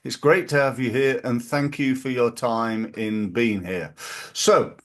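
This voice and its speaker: Man, podcast host, middle-aged, chatty motivational talk, emphatic pitch jumps. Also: unhurried. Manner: animated, punches quoted catchphrases with big pitch jumps. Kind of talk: casual motivational monologue.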